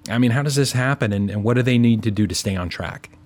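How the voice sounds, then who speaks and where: A man hosting a business podcast, reading a scripted intro and asking interview questions in a measured way. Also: mid-range voice, a little mellow. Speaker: podcast host.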